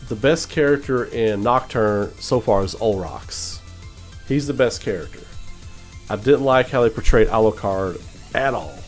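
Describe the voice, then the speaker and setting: Animated male host, lowish voice, casual swearing rant over quiet guitar. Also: unhurried. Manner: animated, swears freely, mimics mumbling voices. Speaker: channel host.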